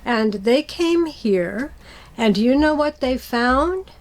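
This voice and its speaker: Slow, patient woman storyteller for kids. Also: high voice, expressive. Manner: gentle, patient, teacherly, asking kids questions. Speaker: children's storyteller. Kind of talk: storytelling for children.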